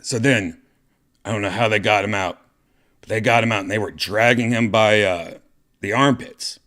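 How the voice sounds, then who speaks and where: Deep-voiced man rambling through a story. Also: normal speed, fairly bright tone. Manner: rambling, profane, many fillers and restarts. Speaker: podcast host. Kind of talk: casual storytelling monologue.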